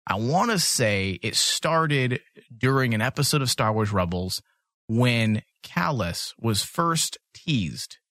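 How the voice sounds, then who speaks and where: A man's voice: mid-range voice, big pitch swings, takes it slowly, a bit bright, dry recording, clean studio sound. A man co-hosting a casual podcast, talkative and joking, sometimes reading summaries aloud. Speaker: podcast co-host.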